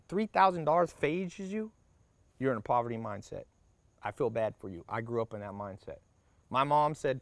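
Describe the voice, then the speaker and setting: This man's voice sits in the mid range and comes across animated, with no room sound at all. As a business mentor leading a motivational workshop, he talks in short, punchy bursts, swears freely, and slips into quick impressions of whoever he's quoting.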